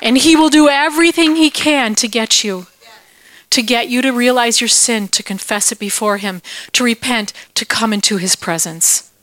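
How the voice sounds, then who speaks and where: A woman teaches children a Bible lesson in a playful, animated way and asks the kids questions. Her voice is fairly high. The recording is close and dry. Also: normal speed, no echo.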